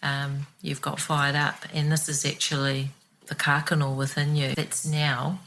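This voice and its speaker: A woman, guest presenting with calm, affirming questions. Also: low-pitched, unhurried, slight background noise, rough recording. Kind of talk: supportive conversational interview.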